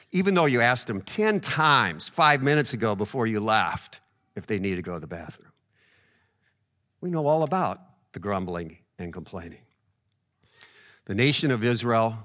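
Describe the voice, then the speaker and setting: Bright-voiced man preaching conversationally. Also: mid-range voice. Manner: conversational, relatable everyday examples, frequent "right?". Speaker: pastor. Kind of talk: sermon.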